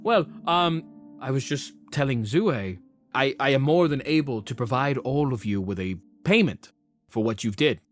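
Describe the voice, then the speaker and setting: A nervous, grateful archmage stumbles over his words, hushed and halting, played by a man. His voice sits at an ordinary middle pitch. Faint music plays underneath. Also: lively intonation, lightly acted. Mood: shaken.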